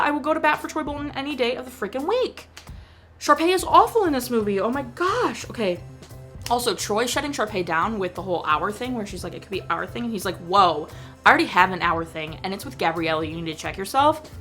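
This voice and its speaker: A young woman vlogger ranting in casual chat about a movie, animated and exasperated, with lots of filler words. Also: on the high side.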